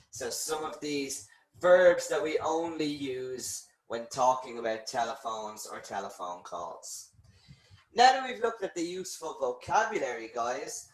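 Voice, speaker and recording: A man teaching an English lesson in a live stream, answering viewers' questions with patient explanations. His voice sits a little high and he speaks very slowly. The sound carries a noticeable roomy echo.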